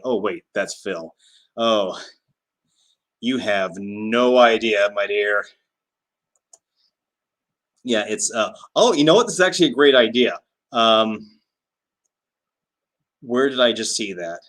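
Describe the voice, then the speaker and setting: A man's voice: medium pitch, lively intonation, moderate pace, pauses often, fairly bright tone. Chatty man hosting a livestream. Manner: chatty, laughs often, many fillers. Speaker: livestream host. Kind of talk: casual livestream chat reading comments.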